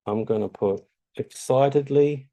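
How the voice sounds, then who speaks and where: A man with a New Zealand accent talks through a tutorial in a loose, chatty way. His voice is mellow and gravelly, with a mid-range pitch. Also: measured pace. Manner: chatty, loose, many ums. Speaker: tutorial host. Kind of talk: casual screen-share tutorial.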